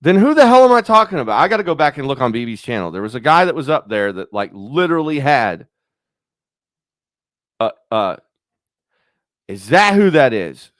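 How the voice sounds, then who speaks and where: A man's voice: medium pitch, sing-song, normal speed, long pauses, fairly bright tone, dry recording, clean studio sound. A man hosting his own channel, thinking aloud in a rambling, profane, casual chat. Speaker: YouTube channel host.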